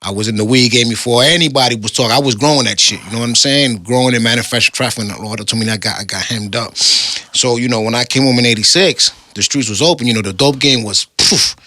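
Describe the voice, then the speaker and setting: Middle-aged new guy telling prison stories in street slang, bright quick voice, dry close sound. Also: mid-range voice, no echo. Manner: street slang, laid-back storytelling, rapid. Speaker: former prisoner telling his story. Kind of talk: casual storytelling chat.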